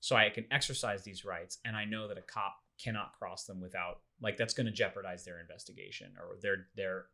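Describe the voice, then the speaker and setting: A man's voice: low-pitched, a little fast, gravelly, hardly any pauses. A man co-hosting a casual discussion podcast, animatedly retelling an incident and acting out the people in it. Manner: animated storyteller, acts out quoted people. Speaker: podcast co-host.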